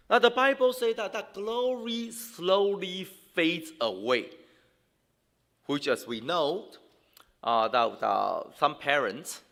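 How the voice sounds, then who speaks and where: A man's voice: on the high side, fairly bright tone. A man preaching a sermon as a pastor, talking conversationally with many fillers and restarts. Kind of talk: sermon to young people. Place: church hall. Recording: long reverb in a hall.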